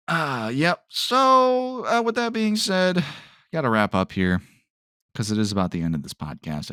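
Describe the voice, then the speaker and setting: A low-voiced man hosting his own podcast, talking loosely and wandering from thought to thought. His pitch swings a lot as he goes, from dry sarcasm to musing questions. The sound is close and dry, with no room around it. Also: no room sound. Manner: rambling, trails off with "I don't know", asks himself questions; jokey, sarcastic asides. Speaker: podcast host. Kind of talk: solo casual podcast rambling.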